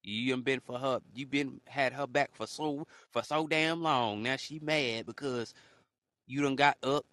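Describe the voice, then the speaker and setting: A man's voice: mid-range voice, a little slow, fairly bright tone, dry recording. A man giving a preachy motivational monologue on a podcast, repeating his points in loose slangy talk. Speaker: podcast host.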